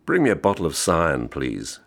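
A man's voice: rumbling low, sing-song, moderate pace, creaky, exaggerated voice. A man reading as a blunt American traveller. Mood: insistent. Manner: curt, persistent propositioning. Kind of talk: audiobook reading.

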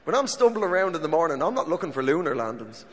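A man's voice: a little high, very animated, fast talker. A man doing stand-up comedy on stage, musing with rhetorical questions. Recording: long hall reverb, faint noise.

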